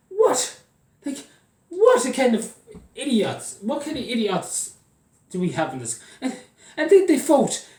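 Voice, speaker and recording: A man's voice: high-pitched, darkish tone. An Irish man ranting angrily to camera, swearing often and repeating himself as he gets worked up. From Ireland. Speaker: vlogger. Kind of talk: angry political rant. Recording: echoey room, mic at a distance.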